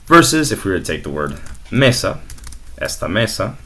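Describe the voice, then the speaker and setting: A man's voice: sits low, very animated, moderate pace, sharp tone, a little hiss or hum. A young man explaining a language lesson in a casual, explanatory way, with fillers. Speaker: Spanish teacher. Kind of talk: screen-recorded language lesson.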